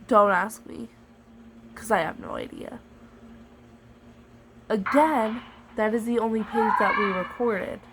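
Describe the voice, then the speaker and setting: A woman's voice: fairly high pitch, steady tone, slow pace, long pauses, background noise. Chatty, jokey woman vlogger. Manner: chatty, jokey, playfully dramatic. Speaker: vlogger reviewing a storybook device. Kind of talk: casual chat to camera.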